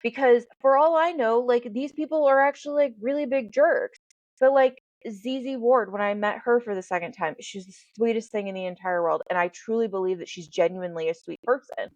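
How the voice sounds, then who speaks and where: A woman's voice: a little high, fairly quick, no room sound, muffled recording. A woman hosting a podcast and working as a life coach. She talks candidly and bluntly, swears freely and tells stories with animation. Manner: blunt, profane, animated storytelling.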